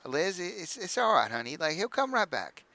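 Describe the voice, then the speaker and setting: A man voicing a fretful father who speaks in a hushed, placating, hesitant way in a tabletop game. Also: high voice, very animated, normal speed, creaky, pitched above the performer's own voice, full character voice.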